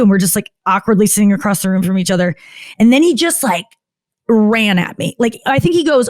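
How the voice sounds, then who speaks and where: A female comedian guests on a candid podcast interview, rambling fast and constantly breaking off with "like" before starting over. Her pitch leaps up whenever she imitates what someone else said. The voice is a little mellow, and the recording has no room sound.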